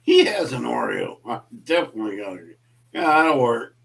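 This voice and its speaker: A man with a creaky, mid-range voice and big pitch swings speaks at a moderate pace. He's a guest on a late-night livestream, casually chatting and playfully teasing the host with jokes.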